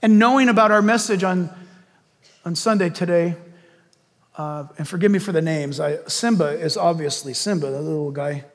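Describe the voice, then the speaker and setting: A male pastor preaching a sermon and leading a closing prayer, animated, hushing his voice to act out a villain's lines. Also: a little high, normal speed, long reverb tail.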